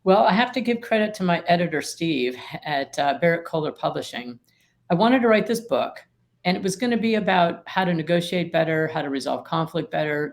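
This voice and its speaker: A middle-aged woman, an attorney mediator and author, explaining her ideas emphatically with vivid everyday examples in an interview. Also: lowish voice. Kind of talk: interview conversation.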